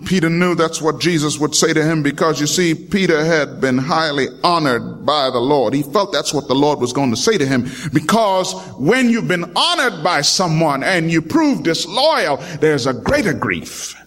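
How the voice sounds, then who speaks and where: A man's voice: a little high, expressive, normal speed, few pauses, a bit bright. A man preaching a sermon in a dramatic, emphatic way, calling out to his congregation.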